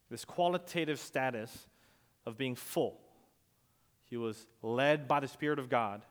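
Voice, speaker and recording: A male pastor preaches with a medium-pitched voice at a measured pace, telling stories in a conversational way. He swings between loud emphasis and quiet asides, and the recording has a long hall reverb.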